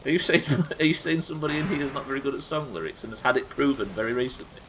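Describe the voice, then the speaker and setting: A man's voice: medium pitch, rapid-fire, a bit bright, a little hiss or hum. A young man hosting a live game stream, bantering with chat in a sweary, exasperated way. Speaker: streamer host.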